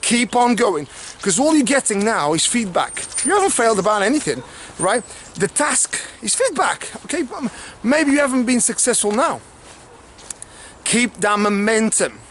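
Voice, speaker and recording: A man who is a fitness trainer, talking fast and casually to camera, often repeating "okay" and "obviously". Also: sits high, fairly bright tone, a little hiss or hum. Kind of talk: casual motivational talk to camera.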